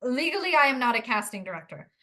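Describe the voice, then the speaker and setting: A woman's voice: on the high side, big pitch swings, fast, sharp tone. A woman playing an accent coach in an improvised comedy chat, rambling and mock-serious.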